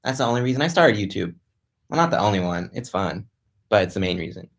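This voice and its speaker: A young man talks casually on a live stream. His voice sits a bit low, and his talk is loose, with lots of "like" and restarts. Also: big pitch swings, fast. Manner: loose and chatty, full of "like" and restarts. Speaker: livestreaming vlogger. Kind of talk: casual live-stream chat reading comments. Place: a friend's house, indoors.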